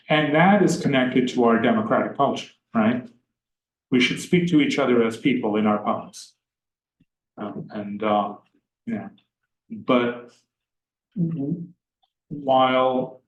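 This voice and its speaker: A man gives a public lecture on poetry in a measured, careful way, slowing down as he reads verse aloud. His mid-range voice carries through a roomy hall with a faint hum of noise behind it. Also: mid-range voice. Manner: measured, slows down to read verse lines aloud. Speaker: poet giving a lecture. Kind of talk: public talk on poetry with read-aloud passages. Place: lecture room.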